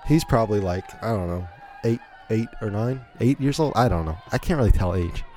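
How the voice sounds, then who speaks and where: A man's voice: fairly low pitch, fairly quick, mellow. A man hosting a podcast, giving incredulous, rambling play-by-play commentary on a video in a casual way. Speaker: podcast host.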